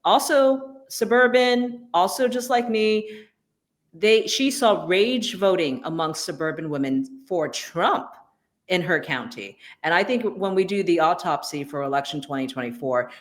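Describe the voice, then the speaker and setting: A middle-aged woman co-hosting a political talk show, telling stories in an animated, sarcastic way. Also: deep voice, moderate pace. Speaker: co-host. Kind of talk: casual political chat.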